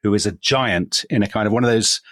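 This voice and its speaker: English male podcast co-host, lowish pitch, dry close mic, chatty and self-deprecating. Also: brisk, a bit bright, dry recording. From England. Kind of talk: casual history podcast chat.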